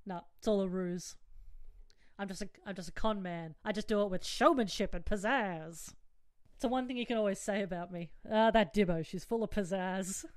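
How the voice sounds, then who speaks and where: A woman hosts a podcast in a loose, playful chat, laughing often as she goes. Her voice sits at an ordinary middle pitch and sounds close and dry, with no room around it. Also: brisk, no echo. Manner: giggly, playful and chatty. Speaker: podcast host. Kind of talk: casual chat.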